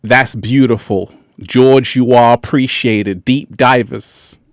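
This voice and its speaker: A man's voice: medium pitch, steady tone, slow pace. A man hosting a casual livestream who laughs often and repeats his phrases. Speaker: livestream host.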